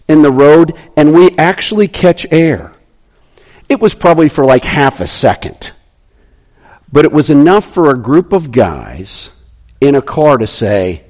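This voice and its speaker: A man telling a personal story in a sermon, animated, rising to excitement and dropping to hushed tones. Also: fairly high pitch.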